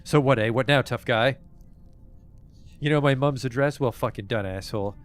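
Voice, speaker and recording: A man reading out a hoarse, volatile smuggler. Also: mid-range voice, brisk, soft background music, natural voice. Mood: snarling. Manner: swings between eager and snarling. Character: hoarse jumpy male smuggler, volatile and desperate. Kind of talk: reading game dialogue aloud.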